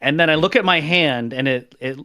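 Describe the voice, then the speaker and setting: A man hosting a casual podcast chat, self-mocking and quick to laugh. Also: a little high, bright, forceful tone, no echo, studio quality. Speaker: host.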